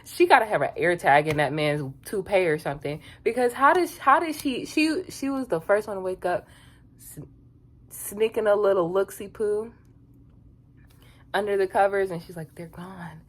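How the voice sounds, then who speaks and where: A woman giving a casual, sassy recap of a reality show, chatty and quick to laugh. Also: medium pitch. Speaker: reality TV reviewer.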